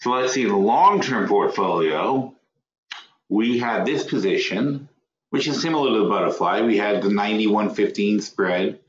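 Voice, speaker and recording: A lower-pitched man hosts an online trading webinar and rambles through it, muttering at his screen and correcting himself mid-sentence. The sound is roomy and a bit dull, like lo-fi webinar audio. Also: lively intonation, moderate pace, slight background noise. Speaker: webinar host. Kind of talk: live trading webinar, thinking aloud.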